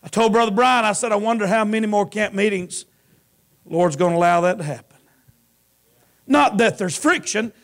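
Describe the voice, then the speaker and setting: A middle-aged preacher with a very high voice delivers an impassioned sermon. He rises into shouted climaxes and drops into hushed storytelling. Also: moderate pace, long pauses. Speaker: pastor. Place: church camp meeting.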